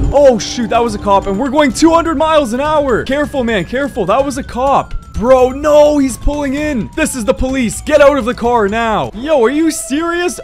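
A young man narrating his game role-play in an excited, exclamation-heavy way. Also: high voice. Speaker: gaming video narrator.

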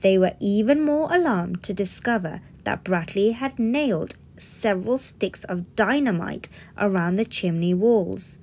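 Lively, slow-reading woman storyteller. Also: medium pitch. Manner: expressive, playful. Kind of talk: children's storybook read-aloud.

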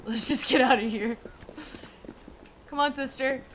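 A young woman with a high, bright-pitched voice gives excitable live commentary on a game she is playing. She squeals, gasps and shouts at what happens on screen. Loud game sound plays under her voice. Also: measured pace, slight background noise. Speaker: streamer.

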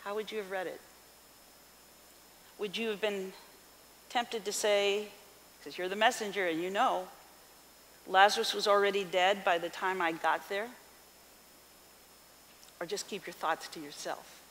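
A woman pastor delivers a sermon in an expressive, questioning way, her voice sitting in the middle range. The sound carries a long hall reverb with a faint hiss underneath. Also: mid-range voice, unhurried, pauses often. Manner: expressive reading with rhetorical questions to the congregation. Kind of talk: scripture reading and sermon. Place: church sanctuary.

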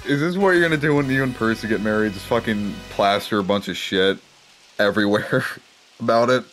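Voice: mid-range voice, a little fast, soft background music. A co-host chatting and teasing casually during a video game stream. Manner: animated, teasing banter. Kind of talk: casual gaming stream chat.

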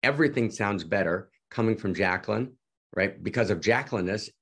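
An effusive man hosting an online gathering over a video call, talking excitedly with frequent repeats and restarts. His voice is low, gravelly and husky. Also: fairly quick. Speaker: teacher and host of an online gathering. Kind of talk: excited spontaneous talk to an audience.

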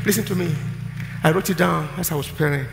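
Nigerian pastor preaching in an echoing hall. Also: male voice, on the high side, fast, gravelly. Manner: preaching with shouted, sing-song declarations and storytelling. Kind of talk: live church sermon. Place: large church hall. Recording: roomy church hall with music behind.

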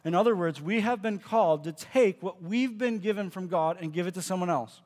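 Pastor guy preaching, pretty high voice, big echoey church hall. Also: brisk, a little mellow. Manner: conversational preaching, acts out quoted speech. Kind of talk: sermon. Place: church auditorium.

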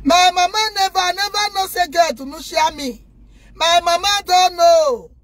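A woman with a Nigerian accent in an impassioned rant to the camera, scolding loudly and indignantly and addressing her viewers directly. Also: extremely high pitch, moderate pace, crowd noise.

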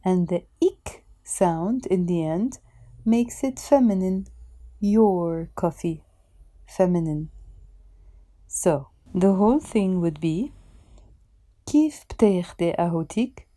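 A woman's voice: fairly low pitch, takes it slowly, dark tone. A woman with a Lebanese accent teaching a language lesson, speaking carefully and repeating words so they can be pronounced. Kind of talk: slow instructional lesson.

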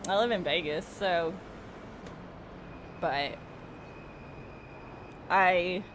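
A young woman from Mississippi in the US South streams sim racing from her home setup, chatting casually with viewers through a desktop USB mic, laughing often and swearing now and then. Her voice is lowish and she draws out her words, with noise in the background.

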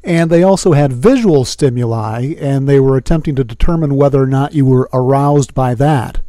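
A man hosting an interview, asking measured questions with the odd filler. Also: medium pitch, warm tone, no room sound, studio quality. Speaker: interviewer host.

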